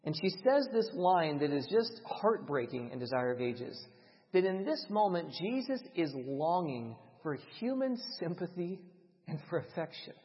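A man preaching a sermon with dramatic delivery that swings between loud emphasis and hushed lines. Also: fairly high pitch, sing-song, measured pace. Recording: dull, reverberant hall sound.

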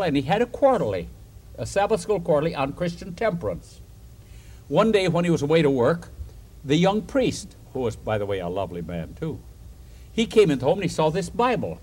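A male preacher with a slightly husky voice tells a story from the pulpit, his pitch swinging up and down as he goes. He stays animated, asks his listeners questions and chuckles between points, and his voice sits a little high for a man. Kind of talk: storytelling sermon.

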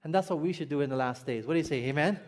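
A pastor from Hawaii preaches in a relaxed storytelling way, with a Hawaiian accent. His voice sits fairly high for a man. He chuckles easily and keeps turning to the congregation with questions. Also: racing. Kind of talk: sermon.

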